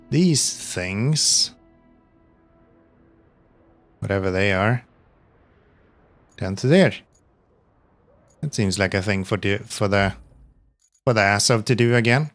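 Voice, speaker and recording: Slow, low-voiced man streaming a game. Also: faint music behind. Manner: relaxed, mutters to himself while playing. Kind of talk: casual gameplay commentary.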